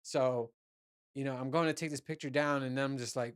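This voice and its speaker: A man's voice: a little high, a little fast, fairly bright tone. A man hosting his own podcast, ranting casually and rambling, swearing freely and restarting his sentences often. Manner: profane, rambling, with many restarts and "you know"s. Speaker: podcast host. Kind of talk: casual solo podcast rant.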